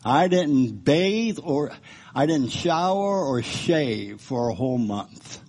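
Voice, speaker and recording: A man with a husky, slightly rough voice tells his own story from the pulpit. He sits at a middle pitch and moves between animated storytelling and a quiet, subdued telling of hard memories. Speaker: preacher sharing his testimony. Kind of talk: personal testimony sermon.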